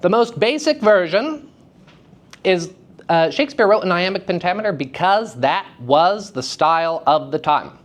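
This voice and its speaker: A man teaching young actors in a lively, playful lecture, joking with the students. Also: high-pitched, moderate pace. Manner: lively, playful, jokes with audience. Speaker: theater teacher. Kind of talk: lecture to high school students. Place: school hall with audience.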